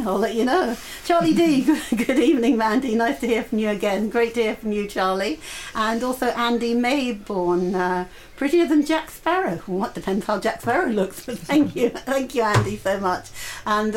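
A woman's voice: fairly high pitch, normal speed, low-quality recording. Chatty woman radio presenter. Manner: chatty, laughs often, reads listener messages. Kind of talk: casual live radio chat.

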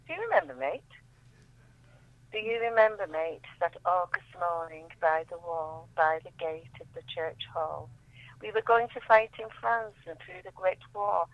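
A woman's voice: on the low side, a little slow, dry recording. Woman reciting poetry down a phone line. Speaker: poet reading her own work. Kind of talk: poetry reading and radio chat.

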